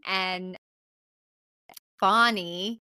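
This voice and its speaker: A woman co-hosting a podcast, casually recapping a film in an animated way, full of "like" and casual swearing. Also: mid-range voice, drawn-out words, smooth, no room sound. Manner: animated, swearing, filler-heavy "like". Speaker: podcast co-host.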